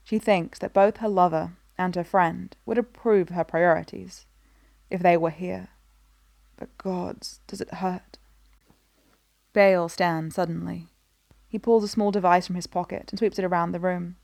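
Low-voiced woman narrating a story. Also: steady tone, normal speed, creaky, a little mellow, no room sound, studio quality. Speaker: reader. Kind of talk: scripted narration of a fan story.

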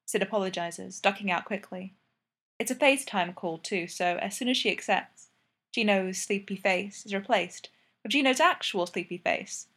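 A woman narrating a fan story aloud in a steady, even way. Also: mid-range voice. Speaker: fanfiction reader.

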